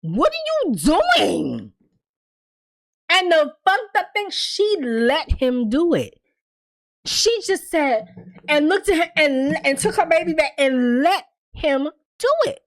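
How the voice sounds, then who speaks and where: A woman's voice: high voice, lively intonation, slow pace. A woman hosting a casual TV episode recap, talking straight to her viewers in an emphatic, exasperated way and swearing freely.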